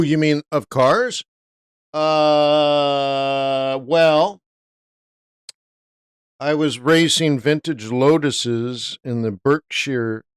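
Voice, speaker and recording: A middle-aged man tells a story casually during a livestream, loose and meandering, tossing in fillers as he goes. His voice is smooth and clear, recorded dry and close with no room sound. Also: mid-range voice, dry recording. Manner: laid-back and rambling, with "dude" and "right?" fillers. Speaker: forex trading livestream host.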